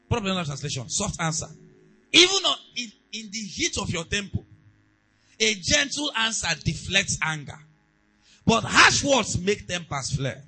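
A pastor preaching a sermon, moving between quiet asides and loud, emphatic exhortation. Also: male voice, high-pitched, poor audio.

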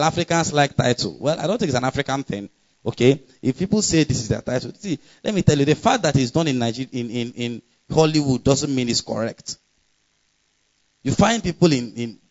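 A man's voice: medium pitch, a little mellow. Emphatic preacher man, muffled sound. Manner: emphatic, conversational preaching with frequent laughs and scripture readings. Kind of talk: sermon.

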